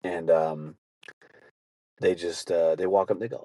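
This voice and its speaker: A man with a fairly low voice hosts a podcast, telling rambling stories in a casual way. He swears freely and laughs often at his own tales. The sound is dry, with no room echo. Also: steady tone, normal speed, long pauses, warm tone. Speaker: podcast host. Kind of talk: casual storytelling.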